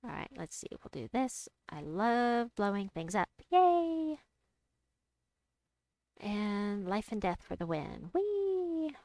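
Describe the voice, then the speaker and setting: A young adult woman chatting casually while she plays a game, reading out and answering her chat and squealing with excitement at big moves. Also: medium pitch, normal speed, hardly any pauses, dry recording. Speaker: game streamer. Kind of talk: casual gameplay commentary.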